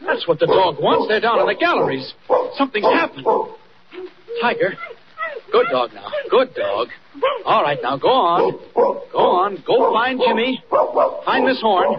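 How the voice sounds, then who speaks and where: An actor playing a commanding grown hero in 1940s radio acting style. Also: male voice, high voice, wildly swooping pitch, a little slow, long pauses, over a noisy crowd, full character voice. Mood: urgent. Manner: commanding, coaxing a dog. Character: calm heroic grown man, Superman. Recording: dull old radio recording, far from mic.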